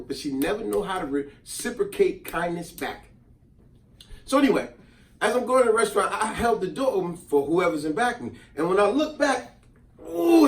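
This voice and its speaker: A middle-aged man spins a casual, animated story and slips into voices for the people in it. His voice sits a bit high for a man. He sounds distant from the mic, in a roomy space. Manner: animated, acts out voices in quotes.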